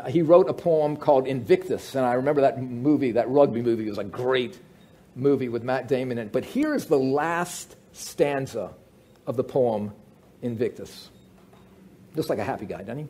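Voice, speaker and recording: A male pastor preaching a sermon, swinging between loud emphasis and hushed asides. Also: medium pitch, breathy edge.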